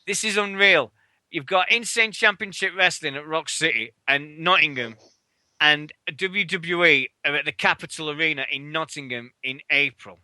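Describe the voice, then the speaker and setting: A high, piercingly bright British man rants excitedly about wrestling on a radio show. His talk is casual and full of swearing, recorded close and dry with no room sound. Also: no echo. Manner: swearing, excitable, fast ranting.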